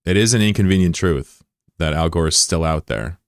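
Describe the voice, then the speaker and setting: Low-pitched American guy streaming, cracking crude jokes while answering chat, dry close mic. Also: moderate pace, no room sound. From United States. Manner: joking, profane, rambling asides. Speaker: live streamer. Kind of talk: casual chat, reading out viewer comments.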